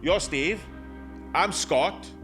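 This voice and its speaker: A man co-hosting a casual podcast from a rugby clubhouse bar. He talks in an animated way, repeats himself and laughs a lot. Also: a little high, very slow, over music. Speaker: podcast co-host. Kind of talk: casual pub chat.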